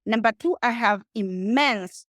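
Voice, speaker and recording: A woman's voice: fairly high pitch, unhurried, a bit bright, dry recording, clean studio sound. A woman with a Kenyan accent, a guest speaking emphatically in a casual interview and addressing the listener directly. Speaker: guest, rideshare entrepreneur.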